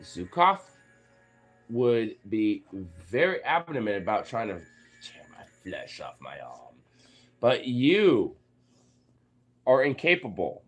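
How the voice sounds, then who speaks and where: A man's voice: medium pitch, sing-song, slow, pauses often, soft background music. A young man talking playfully to his dogs, teasing them and swearing as he goes. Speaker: dog owner vlogger. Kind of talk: casual talk to his dogs.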